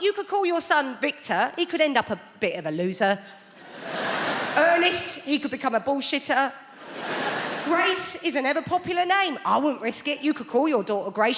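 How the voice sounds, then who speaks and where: Woman comic, forties, dry storyteller, slightly high voice; live theatre reverb with background noise. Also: expressive, moderate pace. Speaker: stand-up comedian. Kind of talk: stand-up routine. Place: large theatre stage.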